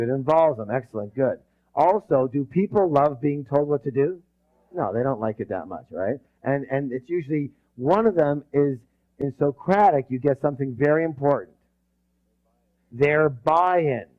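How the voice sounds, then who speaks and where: A man giving a live leadership seminar, lively and calling on the audience to answer back. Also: fairly high pitch, lo-fi sound. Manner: energetic, quizzes the audience with call-and-response.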